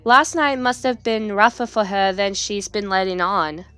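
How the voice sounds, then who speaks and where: A woman's voice: mid-range voice, moderate pace, fairly bright tone, smooth, pitched below the performer's own voice, close to an everyday voice. A woman reading the first-person narration of a young female idol contestant in a game, in a reflective tone.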